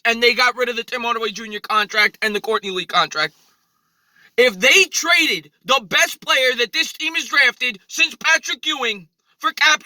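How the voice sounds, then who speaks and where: A man in his thirties vents into his phone on a cold street, agitated and indignant, with a very high, sharp, tense voice. The sound is dry and close, with no room around it. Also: no room sound, rough recording. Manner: agitated, indignant, repeating himself. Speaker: sports vlogger. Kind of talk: off-the-cuff sports rant. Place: outdoors in a cold city street.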